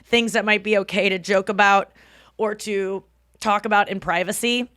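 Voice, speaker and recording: A woman's voice: mid-range voice, fairly even intonation, normal speed, a bit bright, dry recording, studio quality. A woman in her thirties hosting a podcast, rambling casually and swearing freely with self-deprecating humor. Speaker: podcast host. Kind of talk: casual chat.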